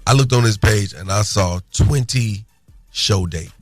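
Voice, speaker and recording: A man hosts a morning radio show. He talks in a relaxed, joking drawl. His voice sits a little low. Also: a little slow, dry recording, soft background music. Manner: laid-back, drawling, joking. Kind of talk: casual radio banter.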